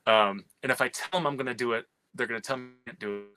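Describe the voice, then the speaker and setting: A man, a screenwriter and comic writer, telling a candid story in an animated, profane way with many restarts. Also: medium pitch, very fast, no room sound, rough recording.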